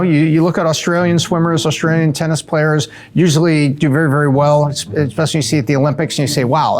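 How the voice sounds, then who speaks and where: A middle-aged man from the US East Coast answering quick questions in a casual, upbeat way, with fillers and self-corrections. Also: a little high. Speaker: show regular answering rapid-fire questions.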